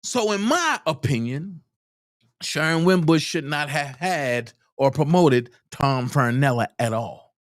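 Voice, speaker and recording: A man's voice: fairly high pitch, expressive, takes it slowly, no room sound, studio quality. Blunt, heated male live-stream host. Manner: blunt, heated, repeats points for emphasis; gives shout-outs to viewers. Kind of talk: casual live-stream commentary.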